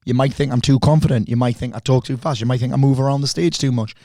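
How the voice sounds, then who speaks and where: A man, a podcast guest talking bluntly and fast, with lots of swearing. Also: mid-range voice, steady tone, mellow, no room sound. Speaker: podcast guest, speaker and coach. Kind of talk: candid conversation.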